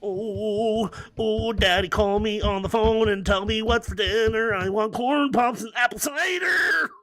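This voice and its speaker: A man voicing a whiny child who shouts demands at his daddy. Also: high-pitched, measured pace, soft background music, pitched above the performer's own voice, heavily acted. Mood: demanding.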